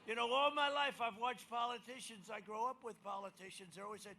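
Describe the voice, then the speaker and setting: A man's voice: very high voice, normal speed, few pauses, bright, forceful tone, slight background noise. An older man giving a rambling, boastful rally speech and mocking his opponents. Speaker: campaign rally speaker. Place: outdoor rally crowd.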